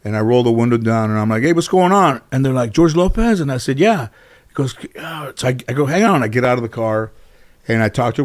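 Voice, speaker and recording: Talking fast and animatedly, a middle-aged American comedian and actor appears as an interview guest with a mid-range voice. He spins long, loose anecdotes in casual storytelling, packed with "you know," fillers, and restarts.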